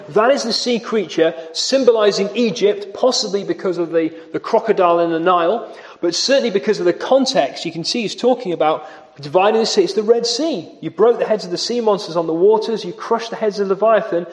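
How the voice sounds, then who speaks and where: A man preaching a sermon, earnest and emphatic, repeating key phrases for weight. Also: high-pitched. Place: church. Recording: long reverb of a church hall.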